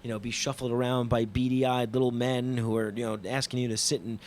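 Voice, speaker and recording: Profane, animated storytelling man. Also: medium pitch, fairly quick, slight background noise. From New York. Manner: profane, animated, self-mocking retelling. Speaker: podcast host telling a travel story. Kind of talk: casual storytelling monologue.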